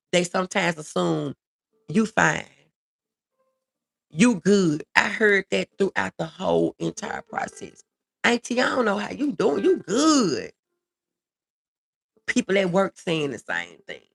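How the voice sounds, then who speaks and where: In a casual livestream, a woman with a lowish, fry-laden voice reads out viewer comments and replies to them. Her answers are earnest and reassuring, and she often repeats her key phrases.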